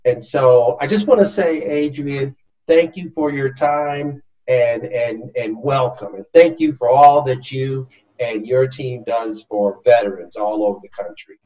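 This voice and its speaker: A male interview host with a voice of middling pitch, effusive and repetitive, forever restarting his sentences. The audio is somewhat dull and lo-fi. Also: a little slow, mellow. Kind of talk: interview hosting.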